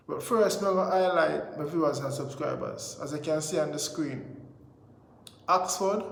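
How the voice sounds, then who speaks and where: A man with a Jamaican accent talks casually to his viewers in a rambling, patois-flavoured way, sprinkling in greetings and blessings. His voice sits a little high for a man. The recording rings with a long, roomy reverb. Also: vocal fry. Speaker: vlog host. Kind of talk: casual vlog commentary. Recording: echoey room with long reverb.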